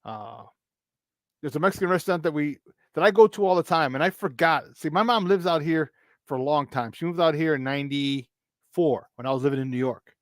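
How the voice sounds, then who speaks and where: A man hosting morning sports talk, speaking in a slightly high voice with animated, laugh-filled storytelling. The sound is close and dry, as if from a studio mic. He chats in a loose, easy way. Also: fairly quick, no room sound. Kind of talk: casual radio chat.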